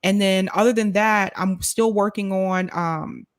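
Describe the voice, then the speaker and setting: Woman, podcast co-host, casual chat, relaxed, hesitant, mid-pitched. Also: a little slow.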